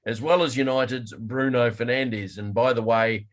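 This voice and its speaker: A man's voice: mid-range voice, moderate pace. A man co-hosting a sports podcast, reading the news steadily with dry jokes. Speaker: podcast co-host.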